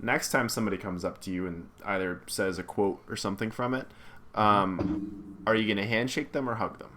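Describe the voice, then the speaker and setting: Male podcast co-host, lowish bright voice, dry teasing quips. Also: fairly quick. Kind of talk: casual chat.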